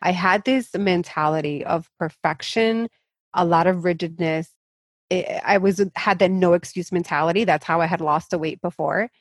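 A woman fitness coach speaks as a guest in an interview, frank and emphatic, often pushing ahead in quick rushes. Her voice sits on the low side for a woman. The recording is dry, with almost no room sound. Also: no room sound. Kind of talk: candid interview talk.

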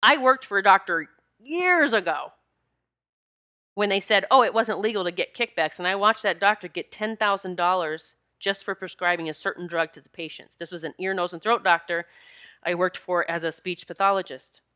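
Bright-voiced woman vlogging emphatically. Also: on the low side, normal speed. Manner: emphatic and conversational, repeats herself for stress. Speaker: vlogger addressing viewers. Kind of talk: casual monologue to camera.

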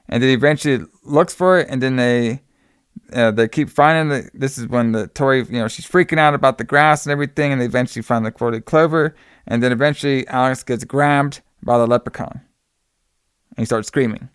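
A man's voice: medium pitch, clean tone, no echo, studio quality. Rambling profane male podcast host. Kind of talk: casual movie recap.

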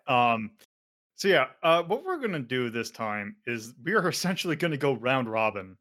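A man's voice: mid-range voice, big pitch swings, moderate pace, a bit bright. A man hosting a casual podcast, rambling with lots of fillers and self-corrections. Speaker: podcast host.

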